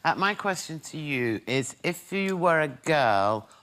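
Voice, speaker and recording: A woman comedian on a panel show, telling crude anecdotes in a deadpan manner. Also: deep voice, unhurried.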